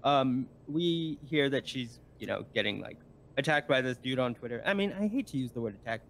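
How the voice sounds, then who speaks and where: A man's voice: mid-range voice, expressive, brisk, gravelly, slight background noise. A man, a guest on a live stream, telling a story in a rambling casual way with many fillers and restarts.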